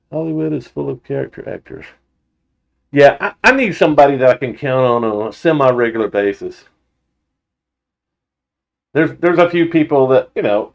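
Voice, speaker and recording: A man hosting a casual livestream for his motorcycle channel, reading viewer comments aloud and answering them with rambling, halting restarts and frequent laughter. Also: mid-range voice, creaky.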